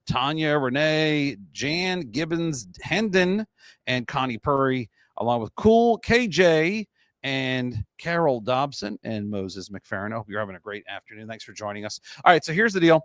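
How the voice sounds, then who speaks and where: A middle-aged man hosting a casual live-stream chat, telling stories in a chatty, animated way. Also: medium pitch, dry recording, studio quality. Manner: chatty storyteller, quick and animated. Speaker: host.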